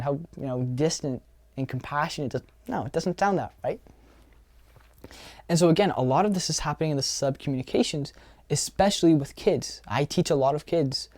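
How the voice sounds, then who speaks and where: A man's voice: a little high, darkish tone, no echo. A man giving an earnest self-help talk as a coach, often repeating phrases for emphasis. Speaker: social skills coach.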